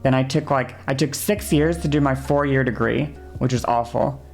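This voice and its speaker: Gravelly-voiced young woman ranting heatedly. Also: very deep voice, normal speed, a little mellow, soft background music. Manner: heated ranting storyteller, swears, keeps checking in with okay. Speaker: streamer. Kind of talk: casual stream chat.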